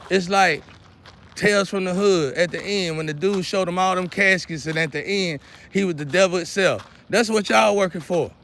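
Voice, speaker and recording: A man, lecturing and scolding his viewers in a preachy monologue, often clearing his throat. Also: high voice, normal speed, fairly bright tone. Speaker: vlogger.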